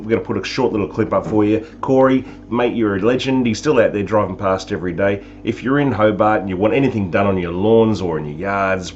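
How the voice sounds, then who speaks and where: A man's voice: on the low side, darkish tone. An Australian man hosting a live talk show, chatting casually with jokes and sarcasm. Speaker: show host. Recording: dull lo-fi sound, faint music.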